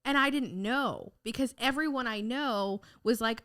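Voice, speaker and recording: Her voice fairly high and her pace measured, a young woman chats candidly as a podcast guest in a casual interview. She tells stories with animation, performing the quoted lines, and now and then lets a casual curse slip.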